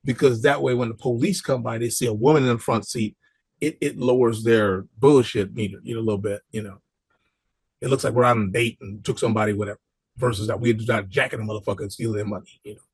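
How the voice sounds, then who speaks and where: A man with a gravelly, husky voice tells a story in a relaxed, casual way, leaning on loose street talk and cursing. His asides come back again and again as he talks. The sound is close and dry, with no room around it. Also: mid-range voice, fast, no room sound.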